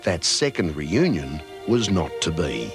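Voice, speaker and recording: Very deep, slow documentary narrator man. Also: big pitch swings. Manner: measured and solemn. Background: background music.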